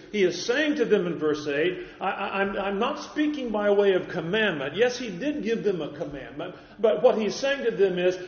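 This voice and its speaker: A man preaching an expository Bible sermon, emphatic and quoting scripture, recorded in a church hall. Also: sits high. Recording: echoey hall, dull lo-fi sound.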